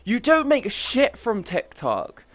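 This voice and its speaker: A woman's voice: on the high side, huge pitch swings, slow, faint music behind. A woman streamer in casual livestream chat who laughs often and swears freely as she teases her friends.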